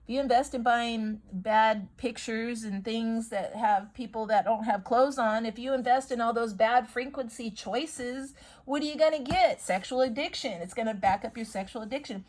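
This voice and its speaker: Emphatic, rambling woman with a high voice. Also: moderate pace, a little mellow, poor audio. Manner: rambling, emphatic, repeats herself. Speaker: spiritual video host. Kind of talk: casual chat about healing stones.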